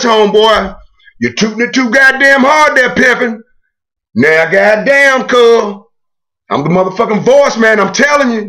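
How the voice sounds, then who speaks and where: A man's voice: high-pitched, creaky, sharp tone. A man ranting to the camera in a video blog, boastful and profane, taunting a rival. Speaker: video blogger. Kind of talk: trash-talking rant to camera.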